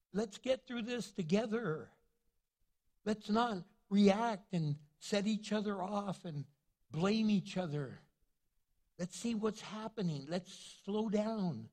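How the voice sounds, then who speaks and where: A man's voice: high-pitched, a little mellow. An older male pastor preaching a sermon, telling a funny family story with playful asides and laughter. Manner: storytelling, playful, laughs at his own jokes.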